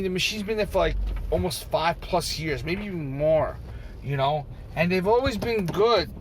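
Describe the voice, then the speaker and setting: A man's voice: fairly high pitch, slight background noise. Frustrated man ranting, swearing freely. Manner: frustrated, profane, repetitive ranting. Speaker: vending machine operator. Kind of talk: ranting vlog.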